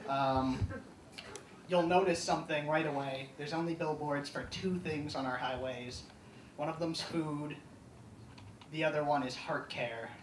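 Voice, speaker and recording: A young man doing a stand-up comedy set, deadpan and halting with many ums, on a live comedy stage. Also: on the high side, slight background noise. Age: young adult. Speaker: student stand-up comic. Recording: echoey hall, distant mic, audience laughter.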